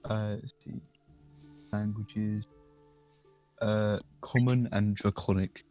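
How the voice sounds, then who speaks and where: A man playing in a tabletop game, polite and relaxed. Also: lowish voice, slow, soft background music. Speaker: player. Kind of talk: tabletop role-play.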